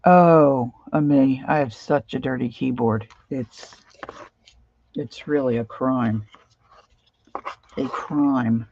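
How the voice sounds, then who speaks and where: A sleep-deprived woman talks her way through a craft project, wandering from thought to thought and humming snatches of song. Her voice is dark and gravelly, and her pace is slow and unhurried. The recording sounds dull and lo-fi. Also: extremely low pitch, no room sound. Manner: rambling, sings and hums to herself while working. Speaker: crafting vlogger. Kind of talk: casual crafting chat.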